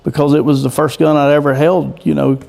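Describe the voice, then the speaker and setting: A man's voice: fairly high pitch, little pitch movement, a little fast, gravelly, a little mellow. A man telling a rambling, folksy story as a guest in a casual interview, with frequent restarts. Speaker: guest, coon hunter.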